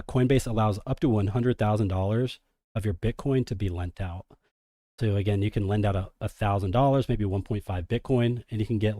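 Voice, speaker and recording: A man's voice: on the low side, no echo, clean studio sound. A man hosting a casual crypto livestream, talking energetically to his viewers and calling them degens. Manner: energetic, hype-driven, addresses viewers as degens.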